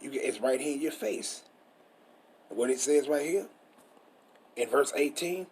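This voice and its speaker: A man's voice: fairly high pitch, animated, moderate pace, pauses often, slight background noise. A man teaching scripture in a preachy, emphatic way, full of rhetorical questions and swearing. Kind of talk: street-style scripture teaching.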